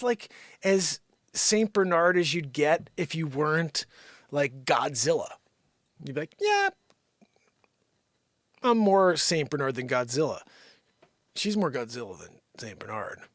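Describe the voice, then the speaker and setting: A man hosting his own daily live stream from home, rambling and joking, jumping from loud bits to whispered asides. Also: fairly high pitch, no room sound. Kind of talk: unscripted comedic live-stream chat.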